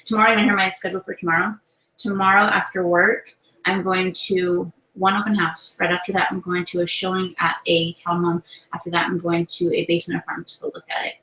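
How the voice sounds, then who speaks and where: A woman's voice: fairly low pitch, level tone, fast, bright, forceful tone. Chatty young woman in echoey room. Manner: chatty, giggly, teasing. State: pregnant. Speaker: vlogger, mother. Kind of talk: casual chat with spouse.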